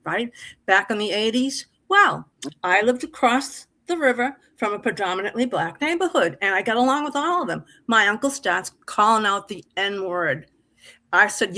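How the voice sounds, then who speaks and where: A middle-aged woman from Massachusetts tells a heartfelt story, rambling and restarting as she goes. Her voice is sharp and bright, and it sits at an ordinary pitch. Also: animated, normal speed, low-quality recording. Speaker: caller on an open mic stream. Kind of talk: personal storytelling.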